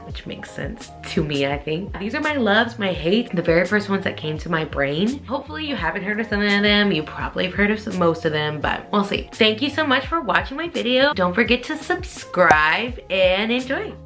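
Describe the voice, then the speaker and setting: A woman book vlogger giving a casual, opinionated review, chatty and expressive with sudden jumps upward in pitch. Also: normal speed, hardly any pauses, faint music behind.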